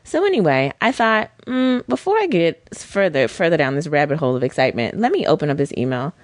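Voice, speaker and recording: Her deep voice moving fairly quickly, a female podcast co-host tells expressive, animated stories in casual conversation. The sound is dry and studio quality.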